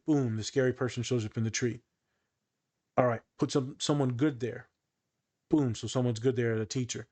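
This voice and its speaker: A man's voice: mid-range voice, steady tone, moderate pace, dark tone. A young man hosting a podcast, chatting casually and joking, with casual swearing. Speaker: podcast host and therapist. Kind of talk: casual chat.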